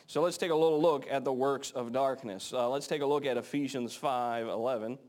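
A man's voice: mid-range voice, steady tone, a little mellow. A man preaching a sermon, joking with the congregation about marriage, then reading and praying. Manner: joking, conversational, slows to read scripture. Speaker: pastor. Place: church in front of a congregation.

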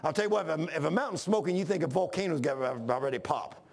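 Man preaching a shouted, folksy sermon; high, raspy-edged voice. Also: expressive, quick pace. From Washington, D.C. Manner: fervent, often shouting; folksy, says "man" a lot.

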